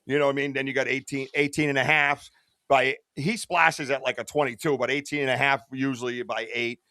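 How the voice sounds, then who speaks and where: A man's voice: medium pitch, fairly even intonation, fairly quick, bright, forceful tone, no echo, studio quality. A middle-aged man in a casual podcast chat, rambling and earnest, tossing in bro and dude. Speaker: podcast guest, Bigfoot researcher.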